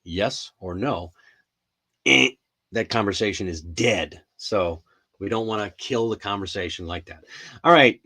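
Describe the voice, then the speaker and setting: A man's voice: fairly low pitch, unhurried, sharp tone. Chatty man teaching English, lots of ums. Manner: chatty, rambling, frequent ums and restarts. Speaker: English teacher hosting a live stream. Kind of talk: casual live-stream lesson.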